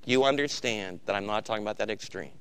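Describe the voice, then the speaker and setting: A middle-aged man preaching to his congregation in a bright, ringing voice that stays clear and smooth. He swings between loud, emphatic bursts and quiet, intense stretches. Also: lowish voice, quick pace. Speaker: pastor. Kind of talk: sermon.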